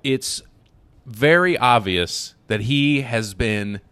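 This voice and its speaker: A man co-hosting a casual talk show, chatty and quick to chime in. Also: medium pitch, lively intonation, bright, forceful tone, smooth. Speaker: podcast co-host. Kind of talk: casual chat.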